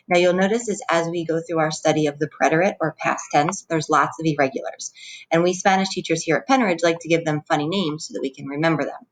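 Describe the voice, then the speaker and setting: Woman Spanish teacher, low voice, patient and clear video-lesson delivery. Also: poor audio. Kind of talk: recorded classroom lesson.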